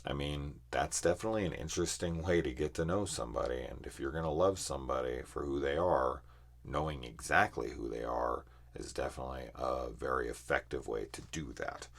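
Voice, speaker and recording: A man's voice: rumbling low, brisk, creaky. A man reviewing a horror film in casual, profane, exasperated ranting.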